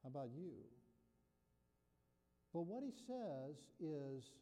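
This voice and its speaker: A male preacher delivers a sermon in a folksy, chatty manner and keeps asking his listeners questions. His voice sits fairly high but sounds mellow. A long hall reverb hangs after his words. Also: sing-song, slow pace, pauses often. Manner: folksy, conversational, asks the audience questions.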